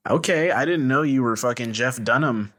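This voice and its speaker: A young man co-hosting a podcast in casual chat, with wry, deadpan asides. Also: mid-range voice, moderate pace. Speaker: podcast co-host.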